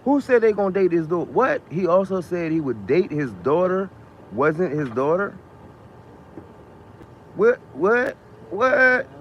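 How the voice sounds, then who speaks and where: A man rants on his live stream, stacking up rhetorical questions and profanity. His voice sits fairly high. The sound is muffled and lo-fi, with a faint hiss behind it. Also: animated, moderate pace, a little mellow. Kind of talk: casual live-stream rant.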